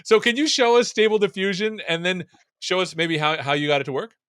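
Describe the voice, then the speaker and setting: A man's voice: high voice, animated, fairly quick, fairly bright tone, clear, resonant tone. A man hosting a casual tech show, upbeat and joking, chatting with fillers. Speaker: show host. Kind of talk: casual tech interview chat.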